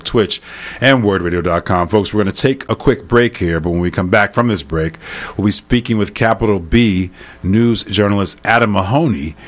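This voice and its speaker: A man hosting a radio talk show, speaking in a measured, polite way. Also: fairly low pitch. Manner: measured, polite, with many backchannel hums.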